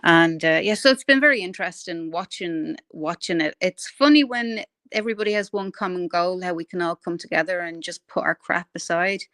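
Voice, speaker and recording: A woman's voice: fairly low pitch, brisk, hardly any pauses, a bit bright, no room sound, studio quality. An Irish woman hosting a casual live stream, rambling and greeting viewers by name with endearments. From Ireland. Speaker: livestream host.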